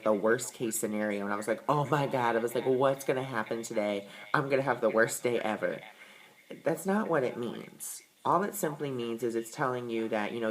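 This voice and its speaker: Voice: mid-range voice, poor audio. A person explaining oracle and tarot cards in a casual, earnest, reassuring way, often repeating words for emphasis. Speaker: tarot and oracle card reader. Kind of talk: casual explanatory talk to camera.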